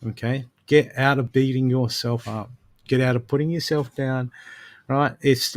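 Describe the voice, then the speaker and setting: A man of ordinary pitch reads oracle cards live and talks straight to the listener. He gives pep-talk advice and keeps checking in with a steady stream of "okay"s. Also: measured pace. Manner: coaching, repeats "okay" often. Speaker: intuitive card reader. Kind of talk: live oracle card reading.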